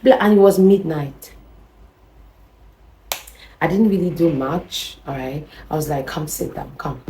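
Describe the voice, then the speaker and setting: Low-voiced woman telling a story. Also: a little slow, long pauses, slight background noise. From Nigeria. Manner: chatty and animated, repeating words and adding "you know" as she goes. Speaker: vlogger. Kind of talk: casual storytelling. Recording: echoey room.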